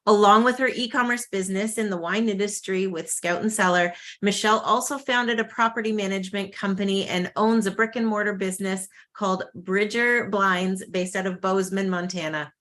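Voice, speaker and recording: A woman hosts an online summit at a medium pitch. She thanks each guest and reads the next bio at a brisk pace. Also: fairly even intonation, a bit bright. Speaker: summit host. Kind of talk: hosting and reading a bio.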